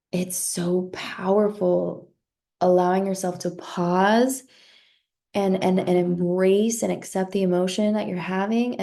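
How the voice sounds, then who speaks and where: A woman's voice: medium pitch, warm tone. A woman in her thirties, a life coach and podcast host, giving an earnest motivational talk, often repeating words and tagging thoughts with a rhetorical "right?".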